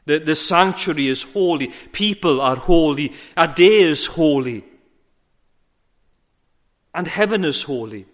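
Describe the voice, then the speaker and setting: Male preacher, somewhat high voice, earnest and measured, builds weight on repeats; long hall reverb. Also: lively intonation. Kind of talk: sermon.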